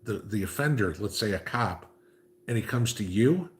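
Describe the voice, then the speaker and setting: Low-voiced man chatting on a livestream. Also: lively intonation, normal speed. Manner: conversational, talks through viewer comments with frequent "okay?" asides. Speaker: livestream host reading chat. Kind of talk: casual livestream chat.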